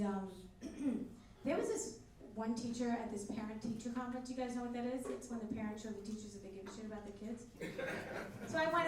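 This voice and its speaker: A woman's voice: fairly high pitch, darkish tone. A woman doing a stand-up comedy set as host on a club stage, with crude punchlines and chatty asides to the crowd. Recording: echoey club from a distance with crowd noise.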